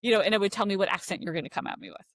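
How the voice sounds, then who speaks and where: A woman's voice: mid-range voice, animated, fairly bright tone, no echo. Chatty Philadelphia-born woman, dry recording. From Philadelphia, USA. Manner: chatty, storytelling with quick asides. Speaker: podcast co-host. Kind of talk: casual chat over drinks.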